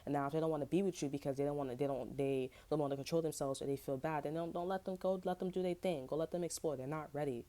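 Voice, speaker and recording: Low, mellow-voiced woman reading tarot. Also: steady tone, quick pace, few pauses. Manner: slangy, profane, rambling with lots of fillers; laughs often. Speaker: tarot reader. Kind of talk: casual tarot reading to camera.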